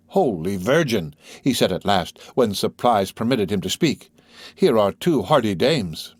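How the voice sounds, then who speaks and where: A man narrating a classic novel as an audiobook reader, with a measured, expressive reading. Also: lowish voice, no echo.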